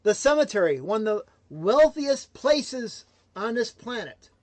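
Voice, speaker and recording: A man giving a motivational livestream talk, emphatic and swinging between loud declarations and hushed asides. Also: high-pitched, sing-song, measured pace, dry recording. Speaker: motivational speaker.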